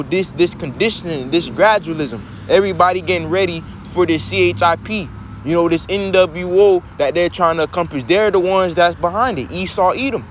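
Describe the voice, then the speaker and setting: A man with a fairly high voice teaches from scripture and keeps posing rhetorical questions to his listeners. He preaches in a plain, steady way. Faint traffic hums behind him.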